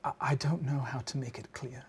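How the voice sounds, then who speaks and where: Brief: haughty aristocratic mother, deluded and cold, hushed breathy whisper, voiced by a man, whispered role-play. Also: medium pitch, a little hiss or hum, natural voice. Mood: tearful. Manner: soft breathy whisper, slow and measured.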